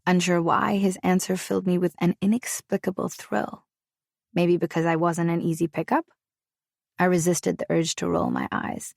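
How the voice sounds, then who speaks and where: A woman's voice: fairly low pitch, level tone, normal speed, gravelly, darkish tone, no room sound, studio quality. A woman narrating a romance audiobook in the first person, intimate and confessional.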